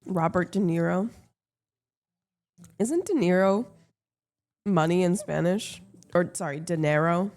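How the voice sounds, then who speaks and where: A woman's voice: lowish voice, a little slow, pauses often, a little mellow. A woman streamer chatting casually with her viewers, blunt and playful, swearing freely.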